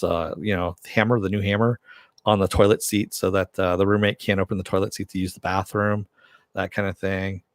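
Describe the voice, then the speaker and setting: Rambling low-voiced man hosting a live chat. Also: dry recording, clean studio sound. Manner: rambling, self-deprecating, chuckles often. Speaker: live stream host. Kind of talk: casual live-stream chat reading comments.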